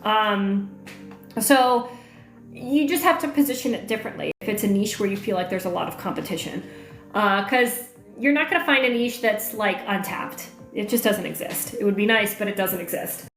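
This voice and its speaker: A woman's voice: mid-range voice, moderate pace, fairly bright tone. A woman coaching on a livestream, chatting casually, reading viewer comments aloud and answering questions with plenty of fillers. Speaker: online marketing coach hosting a livestream. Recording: echoey room with faint music.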